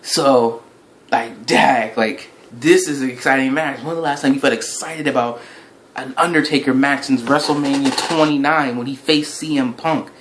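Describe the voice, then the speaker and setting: A man talks through a wrestling event in a loose, rambling reaction video. His voice sits at a middle pitch. He recounts the action play-by-play and gets excited as he goes. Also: normal speed, slight background noise. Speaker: wrestling fan reviewer.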